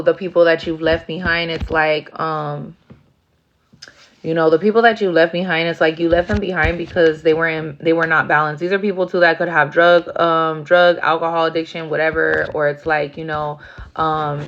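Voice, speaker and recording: A woman reads tarot in a loose, casual way, with blunt, profane talk. Her voice sits low for a woman. The sound is muffled and lo-fi. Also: fairly bright tone, slight background noise. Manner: profane, blunt, acts out rowdy asides. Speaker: tarot reader. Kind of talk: casual livestream tarot reading.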